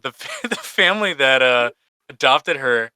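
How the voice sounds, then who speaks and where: A man's voice: medium pitch, expressive, a little slow, bright, forceful tone, smooth, no room sound. A young man co-hosting a podcast, telling stories casually with wry jokes. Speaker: podcast co-host. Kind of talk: casual storytelling.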